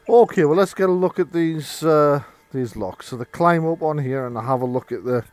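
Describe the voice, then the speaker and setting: A man narrating as game master, relaxed, slipping into quick lines for the police officers. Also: a little high.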